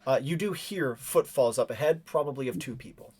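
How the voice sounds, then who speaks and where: A man's voice: mid-range voice, fairly quick, darkish tone, breathy edge. Game master guy describing the scene, lots of uhs, mid voice. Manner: descriptive, with many fillers. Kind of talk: narrating a tabletop game.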